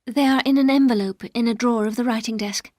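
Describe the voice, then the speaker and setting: A woman's voice: fairly high pitch, fairly even intonation, quick pace, no echo, clean studio sound, close to an everyday voice. A woman playing a shy, anxious young bride. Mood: timid. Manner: earnest, pleading, raised and bright.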